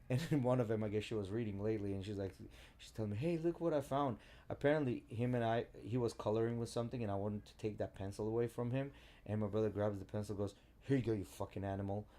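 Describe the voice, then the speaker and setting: A man co-hosting a podcast, telling stories with lots of swearing in casual chat. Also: fairly low pitch. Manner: profane, animated storytelling. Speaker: podcast co-host.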